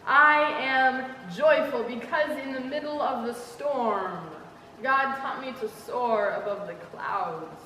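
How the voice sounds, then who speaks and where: A woman's voice: sits high, slow pace, sharp tone, slight background noise. A teenage girl performing a spoken word poem in a school hall with a rhythmic, emphatic cadence. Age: teens. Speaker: student poet. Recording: echoey hall from far off.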